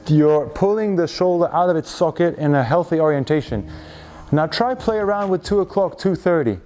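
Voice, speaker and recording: A man guiding a group through slow shoulder stretches and breathing, calm and instructive, often checking in with questions. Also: a little high, faint music behind. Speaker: movement coach.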